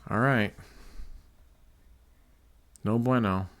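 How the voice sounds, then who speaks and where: A man hosting live casino gameplay commentary, excitable and cursing, grumbling at the dealer as he works out his bets. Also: lowish voice, very slow. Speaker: channel host.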